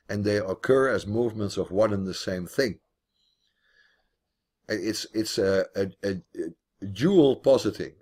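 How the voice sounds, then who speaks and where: Low-voiced man explaining philosophy. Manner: thinking aloud, with restarts and repeated words. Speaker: philosophy teacher. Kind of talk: online philosophy exposition. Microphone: video call.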